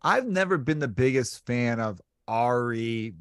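A man's voice: mid-range voice, expressive, unhurried, no room sound, clean studio sound. A male comedian guest in casual podcast chat, rambling and jokey, acting out quotes.

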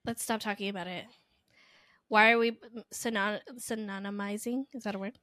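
A woman's voice: medium pitch, normal speed, dry recording. A woman co-hosting a podcast in casual chat, telling stories animatedly and acting out the quotes. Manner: animated storytelling, acts out quotes. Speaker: podcast co-host.

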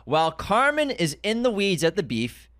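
A man co-hosting a podcast, recapping a TV episode in a casual chat, animated and swearing, acting out scenes in a raised voice. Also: sits high, normal speed, dry recording, clean studio sound. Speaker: podcast co-host.

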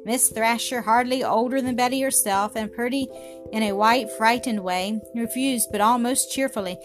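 A woman's voice: a little high, normal speed. Woman reading a story over music. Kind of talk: scripted narration. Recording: music playing behind the voice.

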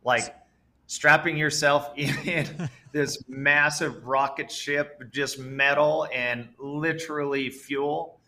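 A man's voice: on the high side, fairly even intonation, takes it slowly, sharp tone. A man, a business founder, being interviewed on a podcast, talking earnestly and enthusiastically. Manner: earnest, enthusiastic, speaks with conviction. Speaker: entrepreneur guest. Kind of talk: conversational interview.

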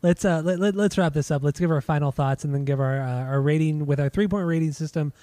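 A man's voice: on the high side, fast talker, dark tone, no room sound. A man hosting a podcast in casual chat, laid-back with stammering restarts. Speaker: podcast host.

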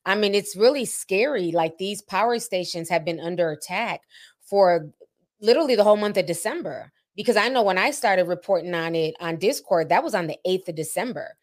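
A woman's voice: medium pitch, lively intonation, fairly quick. A woman from Minnesota chatting casually and explaining things at length in an informative way. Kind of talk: casual chat.

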